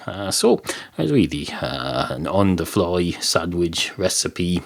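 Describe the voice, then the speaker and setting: Male host, rambling deadpan storyteller, animated pitch. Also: slow pace, vocal fry. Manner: rambling, deadpan, many "uh" fillers. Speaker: podcast host. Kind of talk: improvised absurd storytelling.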